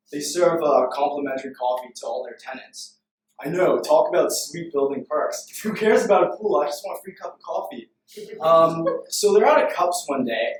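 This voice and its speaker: A young man from Canada giving a playful, self-deprecating story-driven pitch presentation to a room. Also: distant mic. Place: room full of people. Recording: echoey room recorded from afar.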